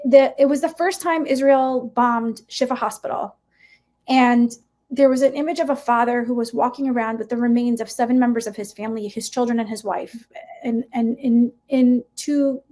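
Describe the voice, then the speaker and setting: High-pitched woman, middle-aged, impassioned and emphatic, podcast interview guest. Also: darkish tone. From United States. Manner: impassioned, emphatic, frequent rhetorical "right?". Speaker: guest educator.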